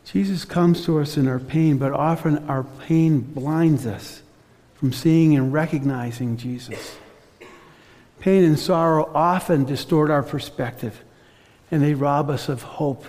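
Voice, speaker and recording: A man preaching a sermon as pastor, earnest, slowing and softening on reflective passages. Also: fairly high pitch, big-room sound.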